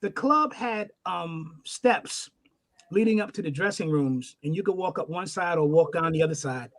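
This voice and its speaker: A middle-aged man, a guest musician, telling an animated, profane story in casual chat. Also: fairly high pitch, normal speed. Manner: animated, profane, acts out the voices in his stories.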